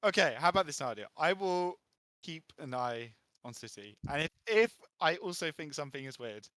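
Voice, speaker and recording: A man playing a character in a tabletop game, jokey and quick to laugh. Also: fairly high pitch, expressive, fairly bright tone, dry recording. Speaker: player. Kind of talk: tabletop role-play chat.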